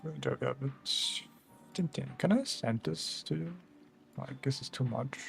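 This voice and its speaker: A man's voice: mid-range voice, measured pace, gravelly, faint music behind. A young Austrian man with an Austrian German accent, chatting casually with viewers while he draws on a stream, rambling and chuckling as he reads out chat. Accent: German-speaking Austrian. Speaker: art streamer.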